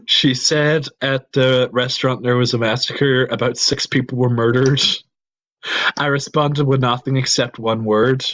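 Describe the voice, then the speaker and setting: A man's voice: fairly even intonation, unhurried, fairly bright tone, no room sound, dull audio. Man reading a creepy story aloud, dry. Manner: swears, jumps to high-pitched outbursts. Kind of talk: comedic reading and riffing.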